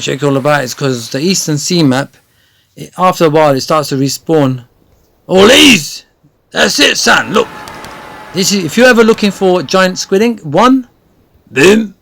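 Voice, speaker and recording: A man giving chatty, rambling gameplay tutorial commentary that often turns excited. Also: on the high side, gravelly, slight background noise. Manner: chatty, rambling with many fillers, grows excited. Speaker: gaming video creator.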